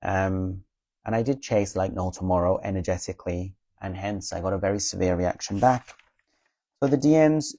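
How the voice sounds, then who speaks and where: A man with a lowish, mellow voice talks straight to his viewers about spiritual healing. He is earnest and reassuring, often checks in with them, and drops a blunt curse without fuss. The sound is dry and close. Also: moderate pace, gravelly, no echo. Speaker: spiritual advice creator. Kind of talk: casual spiritual talk to viewers.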